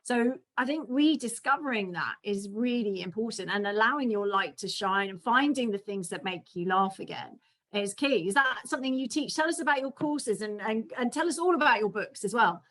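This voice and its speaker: A woman's voice: a little high, expressive, moderate pace, a bit bright. A woman with a British accent hosting a podcast interview, asking encouraging questions. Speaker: podcast host.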